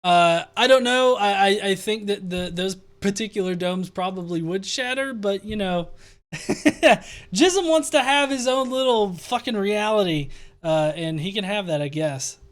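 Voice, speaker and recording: A man's voice: high voice, unhurried. A young man hosting a live stream, reading viewer comments aloud and mocking them with laughter and constant swearing. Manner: profane, laughing, sarcastic. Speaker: show host.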